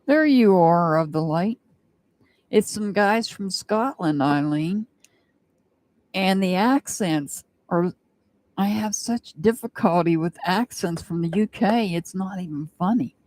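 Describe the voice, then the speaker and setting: Slow, chatty woman reading tarot. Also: fairly low pitch, animated, darkish tone, no room sound. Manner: chatty, rambling, laughs often. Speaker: tarot reader. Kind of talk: live-stream tarot reading, chatting with viewers.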